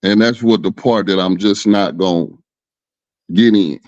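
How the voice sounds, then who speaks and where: A man's voice: fairly low pitch, unhurried, darkish tone, no room sound. A man calling in as a guest who talks hesitantly and guardedly, on dull lo-fi call audio. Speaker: guest caller. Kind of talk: casual call-in talk.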